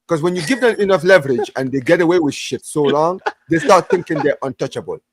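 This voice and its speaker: A man hosting a casual football podcast, ranting in an animated way, swearing often and restarting his phrases. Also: on the high side, quick pace, slight background noise. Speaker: podcast host. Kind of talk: heated casual football chat.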